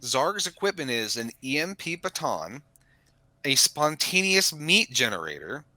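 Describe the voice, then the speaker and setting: Bright-voiced male game master. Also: medium pitch, big pitch swings, dry recording. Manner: rambling, self-correcting, quick to laugh. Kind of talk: narrating a tabletop game.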